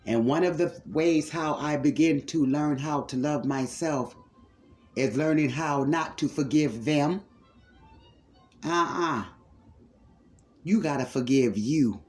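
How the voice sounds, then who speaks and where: A man's voice: on the high side, takes it slowly, long pauses, soft background music. A man preaching a spiritual healing sermon with fervor, repeating phrases for emphasis and calling his listeners loved ones.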